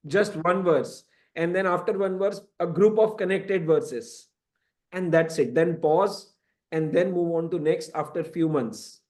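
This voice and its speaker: A man's voice: on the high side, measured pace, a little mellow. A man teaching a scripture class, explaining at length with frequent "you know" asides. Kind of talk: lecturing to a class. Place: temple classroom.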